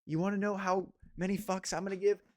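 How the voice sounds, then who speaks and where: A young man co-hosting a laid-back sports podcast, speaking a little higher than most men. He rants with lots of swearing, sometimes rising almost to a shout. The recording is dry and close, with no room sound. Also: fast, dry recording. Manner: animated, swearing, rising to near shouts when worked up. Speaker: podcast co-host. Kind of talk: casual sports chat.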